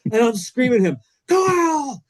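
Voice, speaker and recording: A man co-hosting a podcast, telling a story in an excitable, emphatic, self-deprecating way. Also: a little high, moderate pace. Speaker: co-host, former defensive coordinator. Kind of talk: animated storytelling; casual podcast chat.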